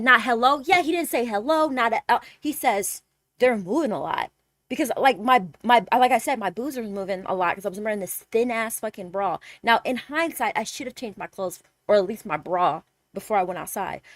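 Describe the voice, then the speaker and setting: A young woman streamer telling a casual story with animated, exasperated energy and lots of swearing. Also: fairly high pitch, no room sound.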